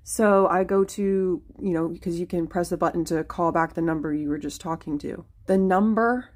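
A woman casually telling a spooky personal story in a halting way, often repeating her words. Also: fairly low pitch, darkish tone.

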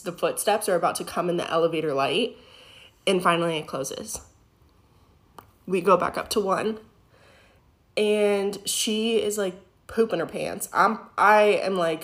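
Animated young woman telling a creepy story. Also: lowish voice. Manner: animated, heavy use of "like" fillers. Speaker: former EMT telling a true story. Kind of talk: casual spoken storytelling.

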